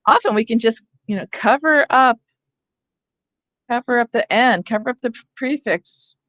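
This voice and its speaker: A woman's voice: on the high side, normal speed, a bit bright, no room sound. Woman workshop leader, explanatory, spells out sounds, dry close sound. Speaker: reading workshop presenter. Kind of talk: teacher workshop instruction.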